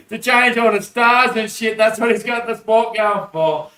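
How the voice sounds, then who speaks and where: A man's voice: high-pitched, expressive, unhurried, sharp tone, a little hiss or hum. An Australian man in a rambling casual monologue, swearing a lot and laughing between phrases. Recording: echoey room, voice far from mic.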